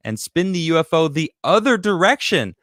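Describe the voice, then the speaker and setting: A man hosting a casual political talk show, reading viewer comments and joking in an animated, emphatic way. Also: fairly high pitch, normal speed, dry recording, clean studio sound. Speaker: podcast host reading super chats.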